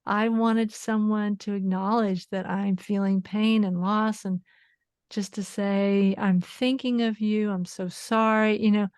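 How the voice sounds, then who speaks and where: A woman's voice: medium pitch, fairly even intonation, measured pace, a little mellow, smooth, no room sound. Earnest woman guest, dry close sound. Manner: earnest, emotionally open. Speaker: podcast guest. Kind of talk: candid conversational interview.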